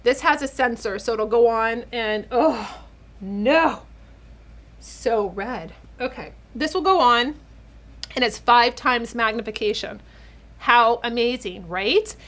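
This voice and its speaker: A woman's voice: on the high side, expressive, unhurried, bright, forceful tone. A woman in her forties talking straight to camera in a chatty, emotional beauty vlog, calling her viewers ladies and getting teary at times. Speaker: beauty channel host, esthetician. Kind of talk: casual direct-to-camera vlog.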